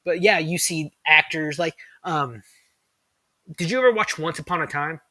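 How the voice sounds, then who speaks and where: A man's voice: on the high side, moderate pace, pushed and bright, dry recording. A man co-hosting a podcast, chatting with enthusiasm, rambling with lots of fillers and restarts. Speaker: podcast co-host. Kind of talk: casual chat.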